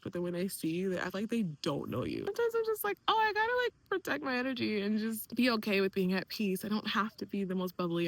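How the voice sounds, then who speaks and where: A young woman speaking candidly in a personal vlog, emotional and animated, quoting others in lively voices. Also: medium pitch, dry recording, rough recording. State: tearful at times. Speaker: vlogger.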